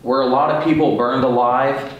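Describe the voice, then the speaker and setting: A man's voice: mid-range voice, fairly even intonation, moderate pace, recorded from a distance, highs cut off. Jumpy young man in an echoey hall. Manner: jumpy, often whispering, then loud exclaiming. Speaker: paranormal investigator. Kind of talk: casual ghost-hunt chat. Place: large abandoned hospital, indoors at night. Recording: very echoey hallway.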